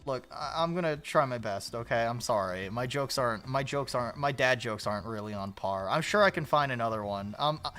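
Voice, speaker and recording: A man hosting a livestream in a casual, rambling chat, swearing freely and breaking into loud laughs. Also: mid-range voice, animated, fairly quick, hardly any pauses, soft background music. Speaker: livestream host.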